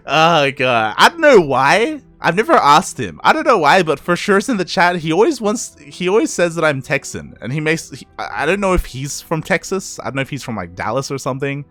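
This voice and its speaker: Tired caster, Aussie-Latin accent. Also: male voice, a little high, sing-song, moderate pace, fairly bright tone. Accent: Australian with Latin American influence. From Australia, Peruvian parents. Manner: rambling, self-correcting, chuckles often. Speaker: esports caster. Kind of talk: casual stream wrap-up chat.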